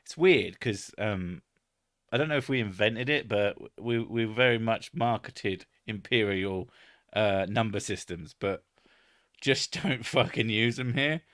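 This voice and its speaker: An English man hosts a loose live-stream chat, talking at an unhurried, drawn-out pace. He swears casually and breaks into laughter as he wanders from one thought to the next. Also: lowish voice, a bit bright. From England.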